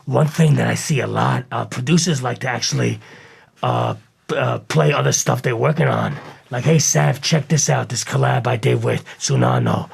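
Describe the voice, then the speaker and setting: Male co-host, heavy vocal fry and rasp, blunt casual talker. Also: mid-range voice, very animated, moderate pace. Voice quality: gravelly, raspy. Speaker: podcast co-host, DJ producer. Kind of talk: casual chat.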